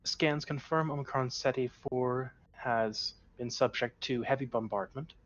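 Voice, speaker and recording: A man running a tabletop game as game master, reading sensor reports in a flat clipped way. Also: mid-range voice, a little slow, muffled recording.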